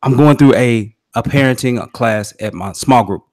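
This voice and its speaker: A man in casual podcast chat, telling animated anecdotes and laughing along. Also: medium pitch, moderate pace. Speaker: podcast co-host. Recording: dry close sound.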